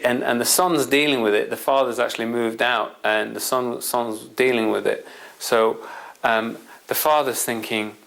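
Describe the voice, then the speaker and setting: A man's voice: mid-range voice, vocal fry, a bit bright, low-quality recording. A man presenting a self-help system, explaining his point through a rambling everyday anecdote with asides to the listener. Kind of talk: explanatory storytelling talk.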